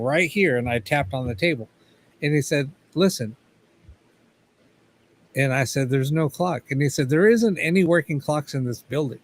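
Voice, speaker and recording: A man's voice: fairly high pitch, moderate pace. A man, a paranormal investigator, casually telling a story as a guest, swearing freely and acting out the dialogue.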